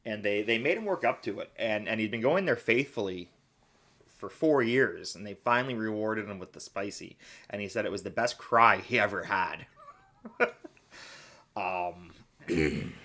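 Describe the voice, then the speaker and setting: A man's voice: on the low side, lively intonation, unhurried, bright, forceful tone. A chef talking casually on a live stream, telling rambling stories and acting out the people he quotes. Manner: rambling storyteller, acts out quoted voices.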